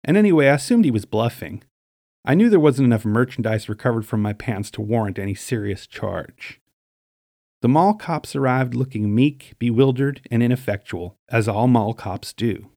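A middle-aged man from Staten Island, New York, narrating his memoir in a dry, wry, deadpan way. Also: mid-range voice, moderate pace, no room sound.

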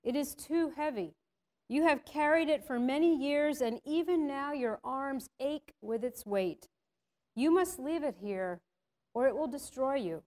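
A woman reading the lines of a firm but kind male angel in a storybook, with a solemn, unhurried delivery. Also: high voice, a little mellow.

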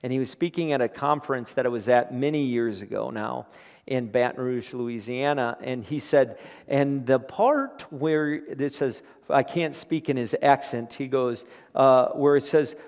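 A man preaching a sermon. He repeats his phrases and builds from quiet talk to loud, emphatic preaching. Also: mid-range voice, a little slow. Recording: long hall reverb.

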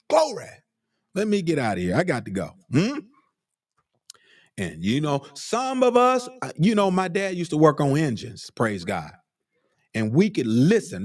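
Fervent male preacher with a lively voice. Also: on the high side. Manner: animated, frequent "glory be to God" and "hmm?"; rising to fervent emphasis, drawn-out words. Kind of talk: sermon.

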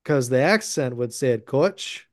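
Mid-pitched man from Minnesota, explanatory. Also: normal speed, a little mellow, no room sound, clean studio sound. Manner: explains things step by step. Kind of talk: casual movie-discussion chat.

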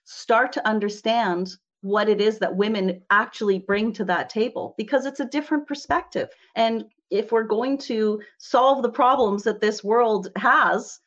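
Animated chatty woman investor, lo-fi. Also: medium pitch. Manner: animated, laughs often, many "you know"s and "right?"s. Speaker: guest, real estate investor. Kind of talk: casual interview talk.

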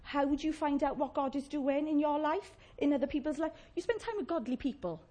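A woman preaching a sermon, chatty and warm-humoured, often asking the congregation questions and laughing. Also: sits high, fairly quick.

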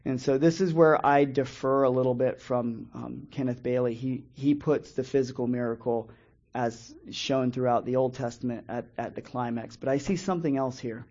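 A man preaching a Bible lesson in a measured way, reading scripture slowly and pausing often. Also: medium pitch, fairly even intonation, a little mellow, muffled recording. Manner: measured, reads scripture slowly with pauses and restarts. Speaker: preacher teaching a Bible study. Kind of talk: sermon-style Bible teaching.

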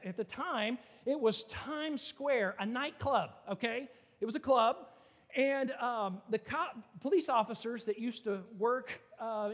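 A pastor tells stories from the pulpit, his voice pitched unusually high for a man. He talks in a loose, animated, conversational way, full of "like"s. The sound rings out with a long reverb, as from a large hall. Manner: animated, conversational, many filler "like"s. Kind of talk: storytelling sermon.

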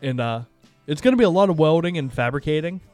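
Man, podcast host, relaxed storyteller, casual and profane, faint music in the background. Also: a little high, quick pace. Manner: laid-back, swears freely, laughs while telling stories.

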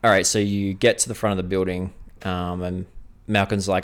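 A man's voice: deep voice, level tone, normal speed, smooth. A man hosting a podcast, loosely narrating a role-play story with lots of fillers. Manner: loose, rambling, lots of likes and laughs. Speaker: podcast co-host running the story.

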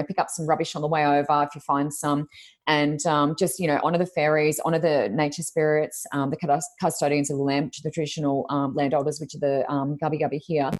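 A woman's voice: deep voice, darkish tone. An Australian woman, a reader of intuition, chatting casually over a video call and telling a story, acting out the voices of the people in it. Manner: chatty, acts out quoted voices.

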